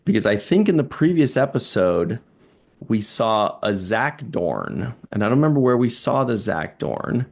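A man with a low, gravelly voice chats casually as a podcast co-host. He rambles a little and drops playful asides. His tone stays relaxed and conversational. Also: moderate pace. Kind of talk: casual chat.

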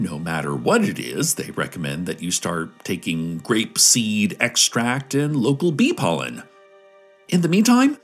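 A man narrating a scripted fictional radio show as a deadpan announcer, with faint music behind him. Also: fairly low pitch, breathy edge.

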